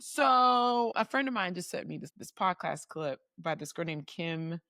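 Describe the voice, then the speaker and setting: A woman co-hosting a podcast, chatting and telling a story in an animated way with frequent laughs. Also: lowish voice, no room sound, studio quality. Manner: animated, laughing, jumps in with quick asides. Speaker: podcast co-host. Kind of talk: casual chat and storytelling.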